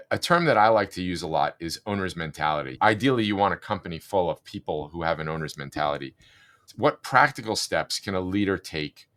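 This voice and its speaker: A man hosting a podcast interview, asking long, measured questions. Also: sits low, fairly bright tone. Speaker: podcast host.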